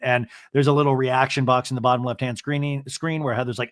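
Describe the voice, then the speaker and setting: A man's voice: medium pitch, little pitch movement, quick pace, hardly any pauses, no room sound. A man hosting a podcast, giving a casual, snarky and profane recap of a reality show into a close microphone. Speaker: podcast host.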